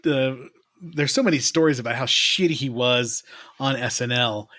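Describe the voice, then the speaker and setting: A man's voice: medium pitch, normal speed, bright, forceful tone. A man with an ordinary mid-range voice co-hosts a podcast, chatting loosely. He laughs often and pokes fun as he talks. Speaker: podcast co-host. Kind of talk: casual chat.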